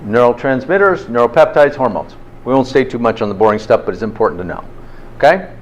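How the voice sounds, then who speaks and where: A man's voice: medium pitch, animated, fast, a little hiss or hum. A man teaching a health class in an informal, interactive way, often checking in with "okay?". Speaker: health instructor.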